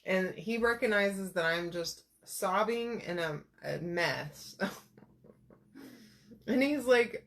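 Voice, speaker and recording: A woman's voice: medium pitch, lively intonation, slow pace, long pauses, a bit bright. A woman in her thirties chatting casually while crafting, telling rambling personal stories with lots of fillers. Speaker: crafter vlogger.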